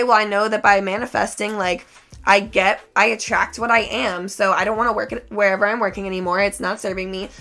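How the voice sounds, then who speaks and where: A young woman co-hosting a podcast in casual chat, hoarse from losing her voice, tired but energetic. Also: mid-range voice. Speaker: podcast co-host.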